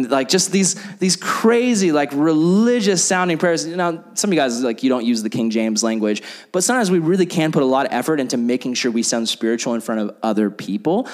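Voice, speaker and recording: A man's voice: on the high side, lively intonation, brisk, hardly any pauses. A young man giving a casual, chatty sermon, full of fillers and playful acted-out prayers. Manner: chatty, filler-heavy, acts out prayers in silly voices. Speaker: preacher.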